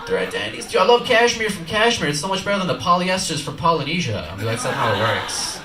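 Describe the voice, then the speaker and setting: A young adult man performing a stand-up comedy set on a club stage, telling a story in a lively, animated way with quick swings in his voice. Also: medium pitch. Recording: echoey club, voice from far off, loud crowd noise. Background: audience laughter.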